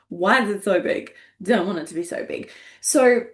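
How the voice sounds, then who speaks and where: A woman in her forties speaks in a raw, casual monologue as a coach. She is frank and profane, openly emotional, and often laughs at herself. Her pitch sits in the middle for a woman. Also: moderate pace. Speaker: energetics coach.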